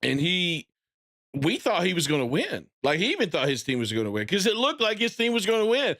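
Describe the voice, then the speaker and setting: A man in his thirties chatting casually on a live stream, animated and breaking into loud excited bursts as he retells things. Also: high voice, fairly quick. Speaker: gaming streamer.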